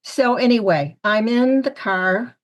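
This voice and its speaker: A woman's voice: on the high side, takes it slowly, lo-fi sound. A woman from the Syracuse area, a medium on a panel, telling personal stories and acting out the lines of people in them. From Syracuse, New York area. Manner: animated storyteller acting out quoted lines. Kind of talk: storytelling on a panel podcast.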